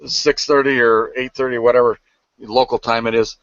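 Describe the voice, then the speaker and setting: A man joining a live online hangout as a guest, halting with many fillers as he patiently explains. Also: medium pitch, level tone, fairly bright tone, no room sound, highs cut off.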